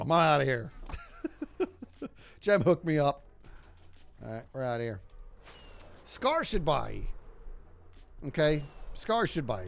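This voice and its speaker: A man streaming a video game live, joking and talking to himself as he plays. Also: on the high side. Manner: animated, joking, talks to himself while playing. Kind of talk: live gaming commentary.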